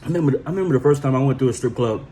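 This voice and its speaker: A man chatting casually and joking in a relaxed way. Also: mid-range voice, very fast, slight background noise. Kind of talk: casual chat.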